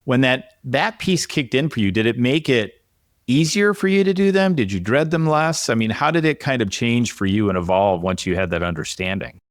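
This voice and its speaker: A man's voice: medium pitch, lively intonation, normal speed, no room sound, clean studio sound. A man hosting an interview podcast on leadership, speaking in a reflective, conversational way and asking long questions. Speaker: podcast host and leadership coach.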